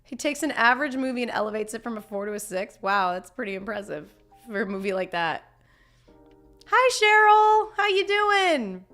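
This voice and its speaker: A woman's voice: mid-range voice, fast talker, sharp tone, faint music behind. A young woman chatting casually on a live stream, reading chat messages, laughing often and talking with lots of restarts. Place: home.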